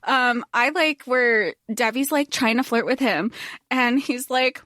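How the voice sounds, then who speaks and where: A woman's voice: a little high, measured pace, fairly bright tone, no room sound, studio quality. A young woman co-hosting a podcast, chatting casually about a film, laughing often and swearing freely. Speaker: podcast co-host. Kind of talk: casual chat.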